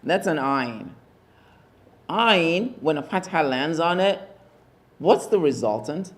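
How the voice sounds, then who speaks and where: A man teaching Arabic letters in a mosque class, slowly drilling each sound and repeating the spelling emphatically. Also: on the high side, lively intonation. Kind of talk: classroom lesson.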